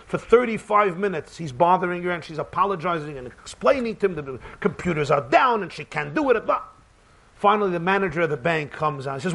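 A rabbi, preaching emphatically in a repetitive cadence and mixing in Hebrew and terms. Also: male voice, sits high, animated, quick pace, vocal fry, a bit bright. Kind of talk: sermon with jokes.

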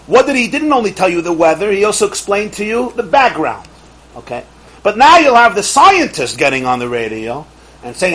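A man teaching a lively religious lecture. He asks rhetorical questions, acts out the people he quotes, chuckles between points, and mixes in Yiddish and Hebrew words. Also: high voice, fairly quick, rough recording.

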